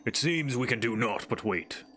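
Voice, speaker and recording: A man reading the lines of a calm, solemn male elder in a game, speaking softly and in a measured, consoling way. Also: medium pitch, a little hiss or hum.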